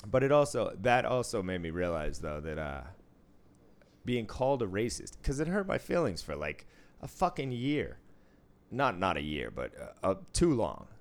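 A man's voice: on the low side, sing-song, normal speed. A man in his thirties telling a story in casual chat, blunt and profane.

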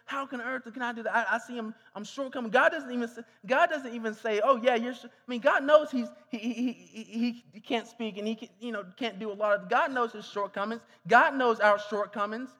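A man preaches in a church hall, his voice high and bright. He restarts and repeats phrases often and calls on the congregation to say things back. The hall gives a long reverb. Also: fairly quick, hardly any pauses. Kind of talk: sermon.

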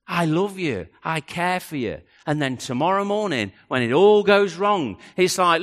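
A middle-aged man preaching a sermon, swinging from loud questions down to near hushes. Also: a little high, expressive, a little slow, few pauses. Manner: dramatic, rising and dropping to near hush. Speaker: pastor.

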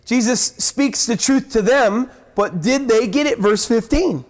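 A high-voiced man delivers an earnest sermon at a measured pace, teaching from the Bible. He often repeats and restarts his words, swinging his pitch sharply up and down as he acts out the voices in the story.

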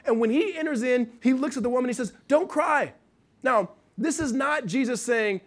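A middle-aged man from the United States preaching a sermon in a conversational way, with restarts and asides, swinging from loud to hushed. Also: extremely high pitch, expressive, brisk. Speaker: pastor.

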